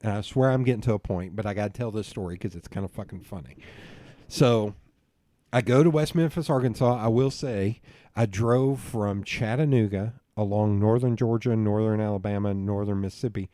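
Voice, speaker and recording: In a relaxed interview chat, this guest works through a lengthy, profane anecdote, breaking into laughter as he goes. His lowish, warm voice moves at a moderate pace in a dry, studio-quality recording.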